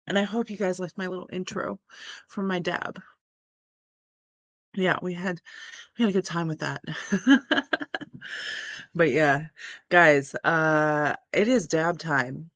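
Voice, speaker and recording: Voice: mid-range voice, fairly even intonation, measured pace, long pauses, a bit bright, no echo. A young adult hosting a casual livestream, chatting in a laid-back, rambling way. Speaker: cannabis livestream host.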